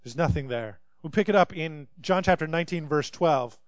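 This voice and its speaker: A man's voice: fairly high pitch, lively intonation, normal speed, dry recording. A man preaching a sermon, reading scripture aloud and acting out the people in it. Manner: reads scripture aloud and voices quoted speakers dramatically. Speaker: pastor.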